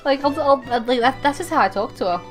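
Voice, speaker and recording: Young woman gamer rambling on stream, kinda high voice, tons of stammers and repeats, faint game music behind. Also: quick pace. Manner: excitable and rambling, stammers and repeats words, swears. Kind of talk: casual live-stream chat while gaming.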